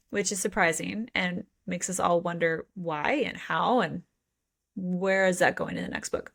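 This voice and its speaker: A woman co-hosting a podcast, recapping a book in casual chat with playful swearing and mock quotes. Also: mid-range voice. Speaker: podcast co-host.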